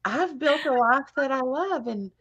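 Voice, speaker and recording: A woman musician, a guest on a radio show, chatting casually, laughing often and sometimes halting over her words. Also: high-pitched, expressive, muffled recording. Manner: warm, laughing, a bit halting. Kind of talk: casual chat.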